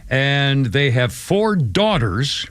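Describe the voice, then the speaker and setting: A man co-hosting a live radio show who laughs often, reacts quickly and speaks in halting asides. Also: medium pitch, big pitch swings, fairly bright tone, dry recording. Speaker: radio co-host.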